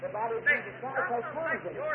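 A man's voice: extremely high pitch, expressive, racing, echoey room, a loud crowd. A man preaching a sermon to a congregation, folksy and emphatic, with many repetitions and asides. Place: church. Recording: tinny lo-fi old church tape. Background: congregation responses.

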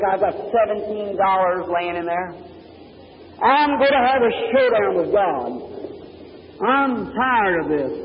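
A man's voice: high-pitched, a little hiss or hum. A man preaches an earnest testimony, acting out his prayers and conversations. The old recording sounds thin and phone-like, with a long echo from the hall around him. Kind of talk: sermon testimony.

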